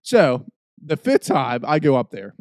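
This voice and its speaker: Telling a profane, ranting story on his podcast, a young male host shifts back and forth between low mutters and loud outbursts during casual chat. His pitch swings widely, his delivery is unhurried, and the recording has no room sound.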